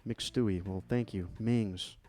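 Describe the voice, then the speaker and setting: A man's voice: lowish voice, takes it slowly. A man hosting a live stream, opening fan mail and chatting in a playful, joking, thankful way. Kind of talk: casual live-stream chat.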